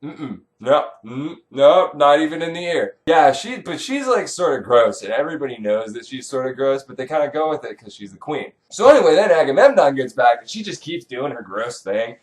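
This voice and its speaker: A man's voice: mid-range voice, sing-song, brisk, hardly any pauses, darkish tone. A man retelling an old myth as comedy, sarcastic, profane and rambling. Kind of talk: irreverent comic retelling.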